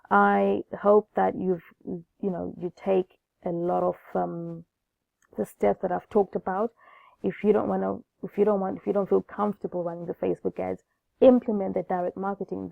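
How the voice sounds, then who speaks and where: A woman's voice: mid-range voice, dry recording. A woman with a cold and a groggy voice, hosting an online business class in a chatty way, restarting her phrases often. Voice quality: gravelly. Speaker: online course host. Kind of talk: webinar teaching. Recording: tinny phone-like line, dry.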